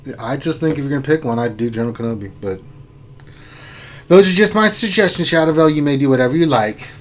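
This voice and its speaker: A man's voice: medium pitch, expressive, quick pace. A man hosting a casual gaming live stream, joking, laughing often and thinking aloud. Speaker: gaming channel host. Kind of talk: casual live-stream chat reviewing game rosters.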